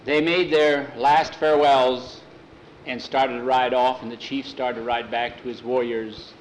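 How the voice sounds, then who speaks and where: A man's voice: mid-range voice, flat delivery, unhurried, a little hiss or hum, rough recording. A man reading a western story aloud in a homespun way, often repeating "he says".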